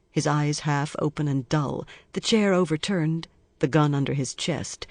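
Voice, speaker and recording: An audiobook narrator reads a thriller in a steady, measured way. The voice sits at a middle pitch. The studio sound is dry and close, with no room echo.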